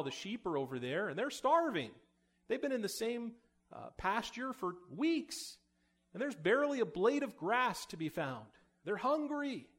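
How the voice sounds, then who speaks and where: A man preaching a sermon in an earnest, emphatic way, voice rising for emphasis. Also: high-pitched.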